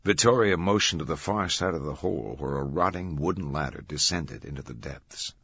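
A man narrates an audiobook in a measured, dramatic way. His voice is very low and strongly husky. The recording is dry and slightly dull. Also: fairly bright tone, no room sound. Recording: dull, dry studio sound.

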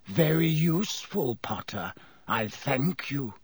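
A man voicing a cold, vengeful male schoolteacher with a silky, contemptuous, slow menace. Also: medium pitch, expressive, husky, no echo. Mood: sneering.

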